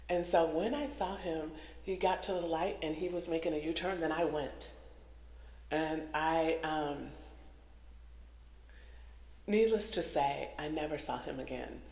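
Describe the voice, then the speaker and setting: A woman telling stories in a casual vlog monologue, animated, often laughing and swearing. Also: on the low side. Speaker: vlogger. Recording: echoey room with long reverb.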